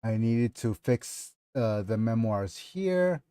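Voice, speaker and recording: Halting, apologetic man streaming. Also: lowish voice, animated, dark tone, smooth, dry recording, clean studio sound. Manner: halting and apologetic, many fillers. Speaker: livestreamer and novelist. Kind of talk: casual livestream chat about his writing.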